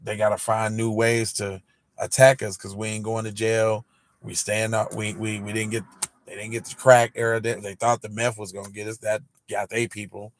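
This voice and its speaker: A man hosting an early-morning podcast livestream, talking in a slangy, teasing, animated way with many fillers. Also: fairly low pitch, moderate pace, dry recording. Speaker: podcast host.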